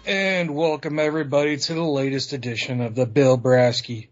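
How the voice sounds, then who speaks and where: A man's voice: mid-range voice, steady tone, normal speed, lo-fi sound, faint music behind. A man hosting a podcast in crude casual chat, profane, teasing and rambling. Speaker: podcast host.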